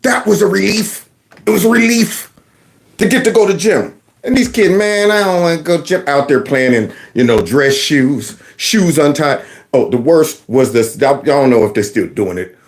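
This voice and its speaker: A man, a former teacher, hosting his own channel in a casual, folksy rant that slips into acted-out voices. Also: fairly high pitch. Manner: animated, folksy, acts out voices. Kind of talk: casual ranting video commentary.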